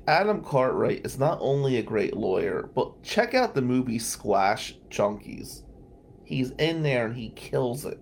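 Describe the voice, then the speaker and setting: A lawyer-turned-host tells a rambling story with plenty of laughs and the odd curse. His voice has a gravelly edge, and his pitch swings widely as he gets into it. A faint hiss of noise sits under the recording. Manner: animated, laughing, swearing storyteller. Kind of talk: storytelling monologue.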